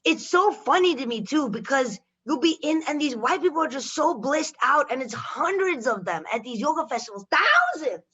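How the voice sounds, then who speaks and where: A woman from Chicago, a guest on a podcast, chatting casually with animated, swearing asides. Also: high voice, moderate pace, few pauses, dull audio.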